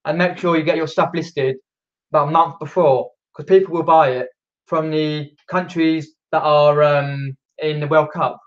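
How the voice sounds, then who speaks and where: A man's voice: on the high side, fairly even intonation, a little slow, highs cut off. A British man chatting casually on a home live stream, reading out viewer comments and rambling with many fillers and restarts. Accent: British English. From Britain. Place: indoors at home, downstairs. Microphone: camera mic.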